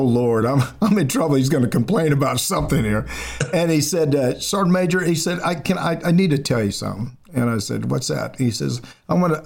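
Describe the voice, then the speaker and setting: Man, older, gravelly voice, folksy, halting, repeats himself, interview host. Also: medium pitch, darkish tone. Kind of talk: conversational interview.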